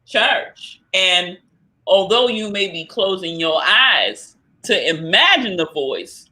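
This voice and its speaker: Woman doing a Southern US accent, older church lady, drawling, syrupy, bright, lively pitch. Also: slow pace, exaggerated voice, poor audio. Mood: teasing. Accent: Southern US, put on. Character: older Southern church lady, sweet-talking, calls everyone baby.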